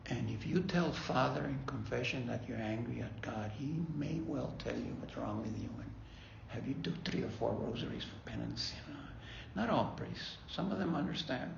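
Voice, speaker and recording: A man's voice: medium pitch, lively intonation, moderate pace, gravelly, hardly any pauses, noisy background. A man leading a faith-based bereavement talk, conversational, often repeating himself and checking in with "okay?". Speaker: grief ministry leader. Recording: echoey room, dull lo-fi sound.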